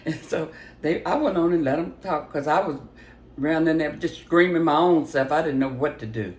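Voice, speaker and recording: An older woman tells a personal story in a relaxed, chatty way, her voice leaping high whenever she acts out the people in it. The recording sounds roomy, and a faint noise runs underneath. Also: moderate pace. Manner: animated retelling, acts out the voices in her story with big pitch jumps. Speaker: storyteller giving a personal testimony. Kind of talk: casual spoken testimony.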